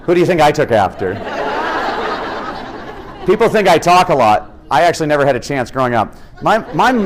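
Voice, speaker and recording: A middle-aged American man giving an energetic, humorous keynote talk as an education speaker. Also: on the high side, a little hiss or hum. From United States. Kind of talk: keynote speech.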